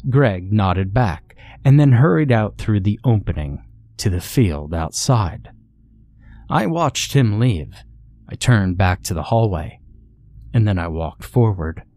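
A man reading a first-person horror story in a measured, steady way. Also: on the low side. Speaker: narrator. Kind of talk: scripted horror story narration.

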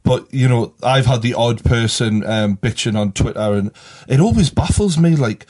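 A man's voice: mid-range voice, moderate pace, a little mellow. A man with a Geordie accent, hosting a podcast in a studio and chatting bluntly, swearing freely. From Newcastle, England. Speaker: podcast host. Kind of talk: casual chat.

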